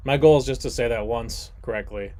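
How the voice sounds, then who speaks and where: A man's voice: medium pitch, fairly quick. A man in his forties hosting an online trivia game, joking and rambling between questions. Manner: jokey, rambling asides, animated.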